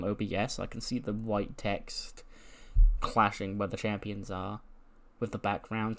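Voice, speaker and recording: A man casually commentating on his wrestling simulator playthrough, laid-back and prone to swearing. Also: fairly low pitch. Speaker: gaming channel host.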